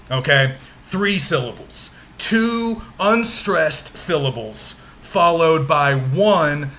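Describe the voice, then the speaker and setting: Brisk bright-voiced male lecturer. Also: on the high side, slight background noise. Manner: patient, repeats points with frequent "okay?" check-ins. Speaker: teacher. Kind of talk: recorded lecture.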